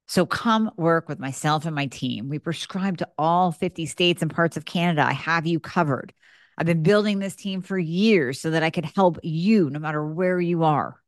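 A woman's voice: no room sound, clean studio sound, close to an everyday voice. A woman, the show's host, reading a persuasive, reassuring scripted ad for her practice. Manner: persuasive, reassuring sales pitch. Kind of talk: scripted ad read.

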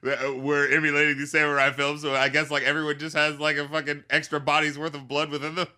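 A man's voice: on the high side, completely flat delivery, fast talker, bright, forceful tone, clear, resonant tone. A man casually discussing a film on a podcast, rambling with many fillers, frequent swearing and laughter. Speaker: podcast co-host.

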